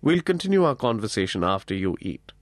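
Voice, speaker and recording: A man's voice: on the low side, sing-song, no room sound, clean studio sound. Krishna, a man voicing a serene soothing god. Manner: gentle, soothing, measured. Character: serene, soothing divine lord, calm man. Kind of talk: audiobook character voice.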